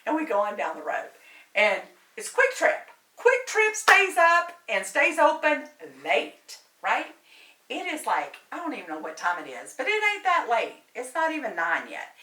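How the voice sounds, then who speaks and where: A woman tells a story as a guest in casual chat, chatty and quick to laugh. Her voice is bright and swings widely in pitch. She sounds set back from the mic in a roomy space with faint noise behind. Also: distant mic. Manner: animated, chatty, laughs often. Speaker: medium and tarot reader, guest.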